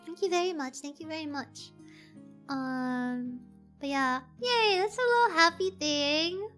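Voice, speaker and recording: Squealing, very high-voiced woman streamer. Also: measured pace, faint music behind. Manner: gushing, squealing with excitement. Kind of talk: casual livestream chat.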